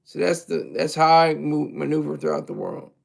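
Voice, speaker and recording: A man's voice: fairly high pitch, animated, normal speed, gravelly. A man streaming a crude, mocking, rambling commentary rant.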